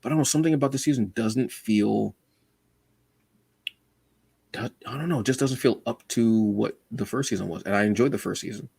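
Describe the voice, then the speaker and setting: A man's voice: lowish voice, a little fast, creaky, pauses often, a little mellow, slightly rough, no room sound. A man co-hosting a podcast, chatting casually and animatedly, acting out quoted lines with self-deprecating asides. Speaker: podcast co-host.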